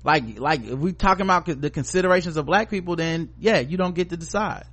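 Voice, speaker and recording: A man's voice: on the high side, fast talker, a bit bright. Blunt, profane male podcast host. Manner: blunt, profane, opinionated commentary. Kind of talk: casual chat.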